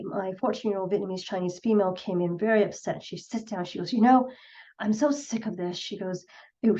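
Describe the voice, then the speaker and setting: A middle-aged woman psychologist giving an earnest presentation, retelling patient stories with quoted voices. Her voice sits at a middling pitch. The recording sounds slightly dull and lo-fi. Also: darkish tone. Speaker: clinical psychologist speaker. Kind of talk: presentation talk.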